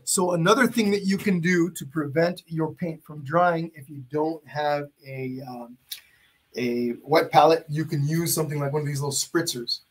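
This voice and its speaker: A man teaching a live painting lesson step by step, chatting warmly with viewers and greeting them by name. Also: a little high, moderate pace, slightly rough. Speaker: painting instructor.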